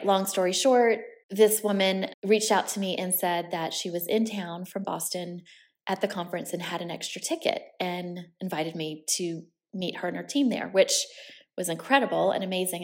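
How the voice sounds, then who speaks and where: A woman's voice: on the low side, darkish tone. A woman in her forties hosting a personal podcast, talking candidly and chattily about her own life with the odd filler word. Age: 40s. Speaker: podcast host.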